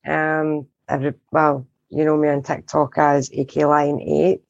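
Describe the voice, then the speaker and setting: A woman's voice: deep voice, flat delivery, measured pace, vocal fry, a little mellow, dry recording, highs cut off. A woman from Scotland with a Scottish accent, a guest in casual podcast chat who laughs often.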